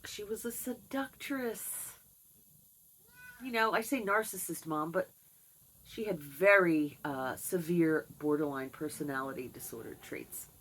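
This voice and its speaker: A woman's voice: deep voice, moderate pace, fairly bright tone, low-quality recording. A middle-aged woman vlogger telling a candid personal story to camera in a chatty, wry way. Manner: chatty, wry, talks to her cat between stories. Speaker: video blogger.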